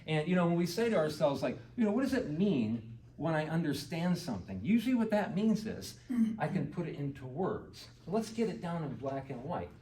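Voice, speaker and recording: A garden club speaker and author gives a casual talk to a live audience in an indoor meeting hall, chatting conversationally, quizzing listeners, and saying "you know" a lot. His voice is a little high, sing-song and brisk, with a dark tone and a slight hiss or hum. The recording picks him up from far off in the echoey hall.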